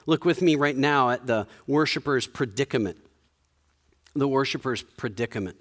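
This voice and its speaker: A man preaching a sermon in a conversational way, with frequent restarts, dropping to a quiet low voice for emphasis. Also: moderate pace. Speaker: pastor.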